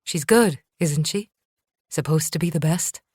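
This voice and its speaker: A woman's voice: low voice, a little slow, a little mellow, husky, no echo, studio quality. A woman narrator voicing an anxious, aging mother who worries her memory is failing.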